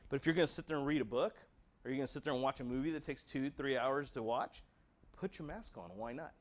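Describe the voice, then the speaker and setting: A man with an American accent gives a patient education talk, mid-pitched and direct. He presses his points with rhetorical questions, earnest and practical, speaking straight to the families in front of him. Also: fairly even intonation, fast talker.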